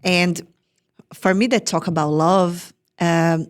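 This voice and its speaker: Slow-speaking woman host, Brazilian accent. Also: on the low side, steady tone. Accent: Brazilian Portuguese. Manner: supportive, short affirmations. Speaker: interview host. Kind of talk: casual interview.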